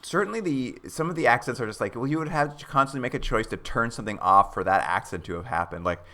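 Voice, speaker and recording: A man's voice: medium pitch, fast. A man co-hosting a podcast, casually recapping a TV series and acting out the characters' lines as he tells it. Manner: animated storyteller, acts out characters' lines. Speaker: podcast co-host. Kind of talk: casual chat recapping a TV show.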